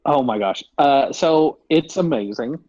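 An excitable man rambles through a podcast chat in a husky voice. The sound is dry and a bit dull, as if through a modest mic. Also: medium pitch, unhurried, no room sound. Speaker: podcast co-host. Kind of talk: casual chat.

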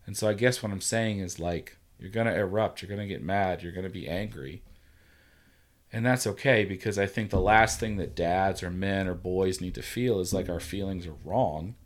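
A man hosting a casual talk, telling a story in an animated way, acting out the quotes and swearing freely. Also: low voice, moderate pace. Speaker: podcast host. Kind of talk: casual conversation.

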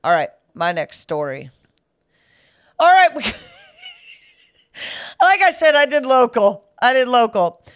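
A woman's voice: a little high, very animated, slow, long pauses, clean tone. A woman co-hosting a casual chat about news, playful and jokey, laughing often and swearing casually. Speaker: co-host.

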